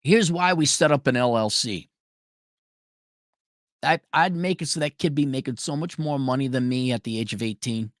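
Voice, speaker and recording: A man's voice: mid-range voice, normal speed, dry recording, clean studio sound. A man hosting a casual livestream who reads out viewer donations and answers them in a blunt, sarcastic and profane way. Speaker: show host reading viewer donations.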